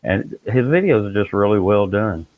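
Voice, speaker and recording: A man's voice: on the low side, expressive, moderate pace, no echo. A man on a panel, talking in a laid-back, plainspoken way during a casual chat. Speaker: panel member. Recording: tinny phone-like line.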